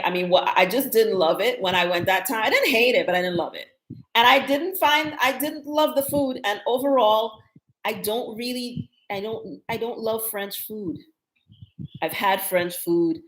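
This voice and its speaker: A woman in her fifties chatting casually in a live stream about her travels, telling stories in a wry, animated way. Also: sits low, echoey room, low-quality recording. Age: 50s. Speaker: travel vlogger.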